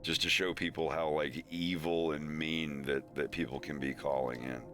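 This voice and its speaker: Male streamer, casual rambling storyteller, bright tone. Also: extremely low pitch, moderate pace, soft background music. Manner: rambling, laughing, animated.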